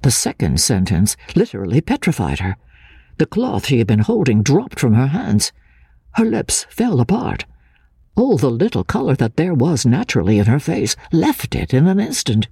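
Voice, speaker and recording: A man narrating an audiobook in the first person, earnest and expressive. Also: mid-range voice, moderate pace, vocal fry, slightly rough, dry recording, studio quality.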